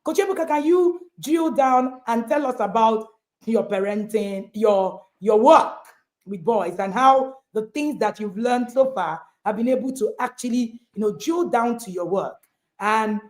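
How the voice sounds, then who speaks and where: A woman's voice: a little high, lively intonation, measured pace, a little mellow. A woman hosting a panel chat, introducing guests with encouraging words. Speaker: host.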